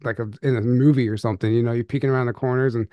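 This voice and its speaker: A young adult man and podcast co-host telling a personal story in casual chat, halting with restarts and nervous laughs. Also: medium pitch, fairly even intonation, mellow, no echo.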